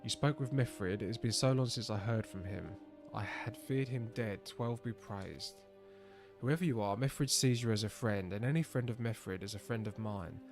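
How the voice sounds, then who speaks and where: A man's voice: lowish voice, over music, lightly acted. A man voicing a grave old resistance leader. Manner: solemn, measured reading. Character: weary older male resistance leader, grave.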